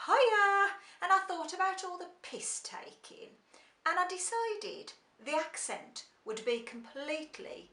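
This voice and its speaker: A woman's voice: very high-pitched, sharp tone, reverberant, heavily acted. An actress playing a middle-aged working-class woman turned executive, speaking with a Black Country accent in a wry, confiding monologue. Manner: wry, confiding, switches to a clipped posh work voice. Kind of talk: monologue drama.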